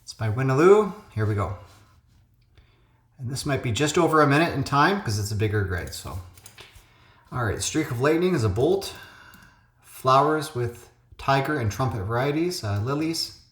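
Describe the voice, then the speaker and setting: A man of middle pitch hosts a casual puzzle video, talking things through out loud with frequent ums and uhs. He is recorded on a phone webcam, and his voice sounds echoey in a room at home. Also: lively intonation, normal speed. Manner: thinks aloud with frequent fillers. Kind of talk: casual solo commentary.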